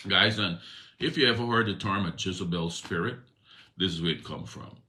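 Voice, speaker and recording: A man's voice: sits low, normal speed, pushed and bright. A man giving a casual Bible teaching, reading a passage and retelling it in everyday slang. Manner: conversational, retells scripture in slang. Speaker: preacher.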